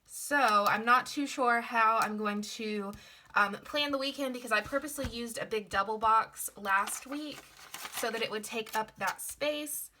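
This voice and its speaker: A young woman talks through her planner setup in a relaxed, rambling way, with lots of "um"s along the way. Her voice is bright and sits a bit high, and her nose is stuffed up from a cold. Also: measured pace, a little hiss or hum. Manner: chatty and rambling, with frequent fillers. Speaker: planner vlogger. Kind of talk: casual plan-with-me chat.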